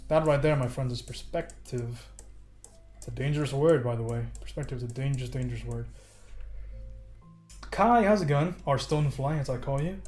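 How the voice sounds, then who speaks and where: An American man, his voice medium-pitched, fairly quick and a little mellow, streams a casual digital painting lesson. He jokes around and chats with viewers as he paints, with soft music playing in the background.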